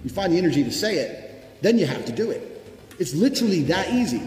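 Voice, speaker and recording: A man's voice: high voice, very animated, fast, darkish tone. Blunt, profane man preaching in reverb. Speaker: motivational speaker. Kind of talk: motivational speech. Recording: echoey hall reverb with background music.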